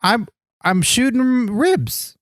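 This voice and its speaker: A man's voice: very high voice, lively intonation, slow, a bit bright, dry recording, clean studio sound. A man co-hosting a comedy podcast, earnestly enthusiastic in a goofy way. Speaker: podcast co-host. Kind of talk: comedic banter.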